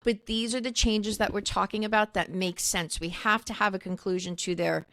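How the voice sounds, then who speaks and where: A woman's voice: mid-range voice, fairly even intonation, normal speed, fairly bright tone, no room sound. A woman co-hosting a podcast in casual chat, emotional and gushing as she talks. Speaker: podcast co-host.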